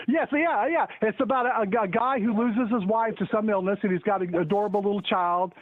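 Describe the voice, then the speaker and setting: A man's voice: high voice, a little fast. A man calling in to a talk show, rambling casually with lots of stumbling restarts and jokes. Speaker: caller. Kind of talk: casual call-in chat. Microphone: phone call. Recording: tinny phone line, dry.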